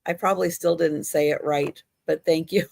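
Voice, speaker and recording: A woman's voice: low voice, fairly even intonation, normal speed, vocal fry, a little mellow, no echo, studio quality. A woman hosting a live online auction, chatty and laughing at her own slips. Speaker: live sale host.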